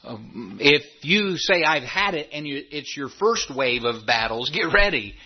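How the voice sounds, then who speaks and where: A man's voice: mid-range voice, big pitch swings, a little slow, husky. A man preaching a sermon in church, telling the story with animation and stumbling over repeated words. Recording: dull lo-fi recording.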